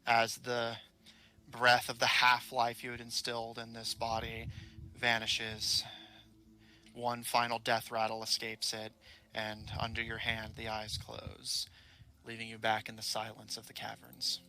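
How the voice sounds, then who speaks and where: A man's voice: mid-range voice, completely flat delivery, measured pace, bright, forceful tone, a little hiss or hum. A man narrating a tabletop game as game master, rambling along with many ums and uhs.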